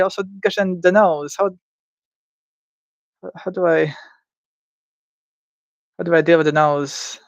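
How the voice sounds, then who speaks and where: A man's voice: on the high side, normal speed, long pauses, dry recording. A man livestreaming himself drawing, rambling and thinking aloud with stammers, restarts and playful asides. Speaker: livestreamer drawing game creatures. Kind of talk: casual livestream self-talk. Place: indoors at home.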